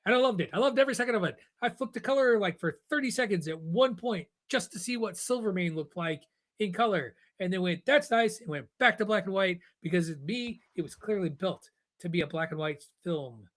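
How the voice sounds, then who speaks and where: Animated high-voiced podcast host. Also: male voice, fairly quick. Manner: animated, emphatic, jokey. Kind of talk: casual pop-culture chat.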